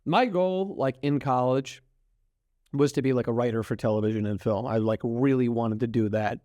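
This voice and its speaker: A man's voice: mid-range voice, moderate pace, mellow, no echo. New york guy in his 20s, rambly podcast guest, swears a lot, dry close sound. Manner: rambling, swears freely, laughs often. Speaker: guest comedian. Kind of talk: casual podcast chat.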